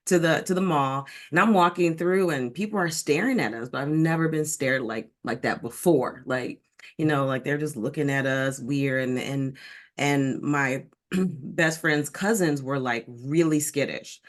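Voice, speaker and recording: A woman from Detroit, a diversity coach, talking candidly in an interview, animated and frank with plenty of ums and likes. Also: low voice. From Detroit, Michigan, United States. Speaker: diversity and inclusion coach, guest. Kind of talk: candid personal storytelling in an interview.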